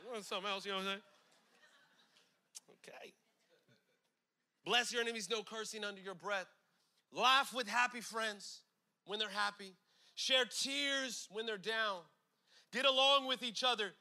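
A high-pitched man preaches with a very bright, ringing voice. He is from California and keeps it casual, dropping asides and repeating lines for emphasis. When he reads scripture he slows right down and stresses every phrase. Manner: conversational asides like "you know what I'm saying". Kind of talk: sermon.

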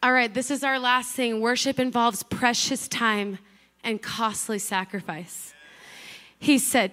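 High-voiced excitable woman preacher in her thirties. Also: measured pace. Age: 30s. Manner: excitable, chatty, lots of fillers and asides. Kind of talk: casual youth sermon.

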